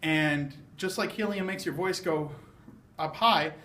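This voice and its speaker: Brief: male science demonstrator, upbeat high voice, informal classroom chat, echoey room with slight background hum. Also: unhurried, bright, forceful tone. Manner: explanatory, chatty with fillers. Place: university lab room.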